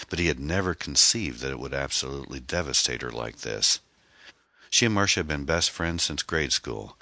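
A man reading a mystery novel as narrator, measured and dramatic. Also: extremely low pitch, sharp tone, dry recording. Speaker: audiobook narrator. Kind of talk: scripted narration.

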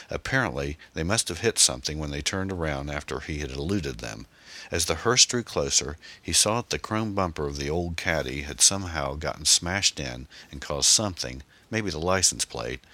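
A man narrating an action story in a brisk, dramatic audiobook style and voicing the male lead. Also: rumbling low, lively intonation, sharp tone, dry recording. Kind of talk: audiobook narration with character voices.

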